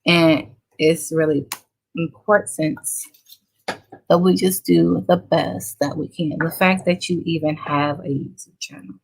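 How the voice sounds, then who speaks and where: Woman, 30s, beauty vlogger; low voice with gravelly fry, chatty and encouraging with her audience. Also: steady tone, measured pace. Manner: chatty, encouraging, talks straight to viewers. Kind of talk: casual makeup tutorial chat.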